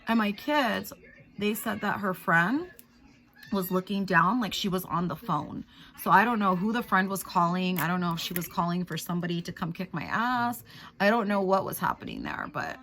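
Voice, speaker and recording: A woman's voice: mid-range voice, big pitch swings, moderate pace, a bit bright. An upset woman in her thirties talks straight into her camera at home. She rambles and circles back, filling her speech with "like" and "you guys" as she vents. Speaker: vlogger. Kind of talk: casual chat to camera.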